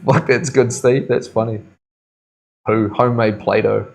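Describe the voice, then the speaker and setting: A man's voice: lowish voice, fairly even intonation, a little slow, gravelly, a little mellow. A man with a New Zealand accent hosting a tattoo livestream in a studio, joking, laughing often and reading the chat aloud. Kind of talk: casual livestream banter.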